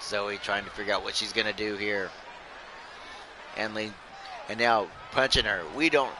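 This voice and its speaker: A man's voice: fairly low pitch, fairly even intonation, normal speed, crowd noise, noisy background. A man casually calling a video game wrestling match play-by-play for a live stream, often addressing the audience as folks and joking as he goes. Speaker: host and play-by-play commentator.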